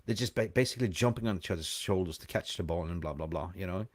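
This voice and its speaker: Male host, low voice, dry close sound, rambling casual chat. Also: no echo. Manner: chatty, rambling, quick to laugh. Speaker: live show host.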